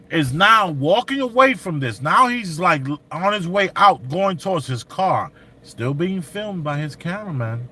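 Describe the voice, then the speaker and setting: A middle-aged man, telling stories and giving commentary in animated, slangy street talk. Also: a little high, husky. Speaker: vlogger. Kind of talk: commentary and storytelling.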